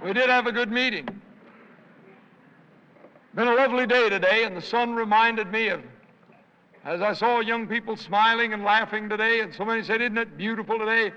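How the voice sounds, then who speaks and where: Hoarse old preacher guy spinning folksy yarns, bright voice, big echoey hall. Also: high voice, normal speed, pauses often. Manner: folksy, animated, acts out quoted voices. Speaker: traveling evangelist preacher. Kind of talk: anecdotal sermon storytelling with jokes. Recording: reverberant hall, dull lo-fi sound.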